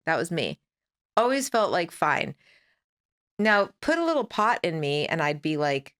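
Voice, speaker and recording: A woman in her forties speaks with a fairly low voice as a podcast guest. She tells her story candidly and in a rambling way. She slips into her own past dialogue as she talks. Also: very animated, moderate pace, a bit bright.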